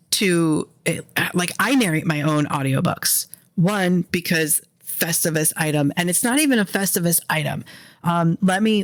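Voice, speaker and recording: American woman host, casual profane rant, slight fry in the voice, dry close sound, mid pitch. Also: dry recording. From American, Philadelphia area. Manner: profane, animated, self-interrupting. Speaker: indie author and podcast host. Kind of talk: casual ranting monologue.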